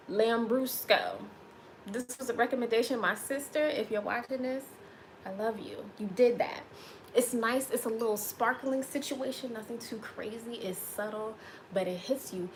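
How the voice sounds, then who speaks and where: A woman's voice: fairly high pitch, a little hiss or hum. A woman hosting a casual livestream, chatting playfully with viewers and reading their comments aloud. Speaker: livestream host.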